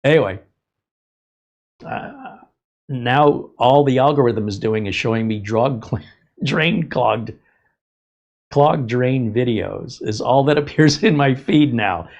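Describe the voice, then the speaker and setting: A man's voice: mid-range voice, takes it slowly, vocal fry, pauses often, a little mellow, dull audio. A man hosting a live tech stream, talking in a rambling, conversational way and laughing often. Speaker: host.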